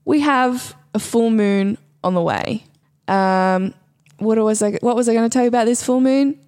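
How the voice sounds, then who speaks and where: A woman's voice: fairly high pitch, moderate pace, darkish tone. A woman hosting a solo comedy podcast, talking in a playful, rambling, self-mocking way.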